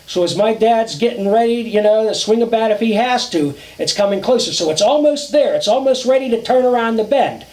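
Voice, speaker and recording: A man casually telling a ghost story outdoors at a campfire, dramatic and drawn-out, with swearing. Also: high-pitched, lively intonation, darkish tone, reverberant, rough recording.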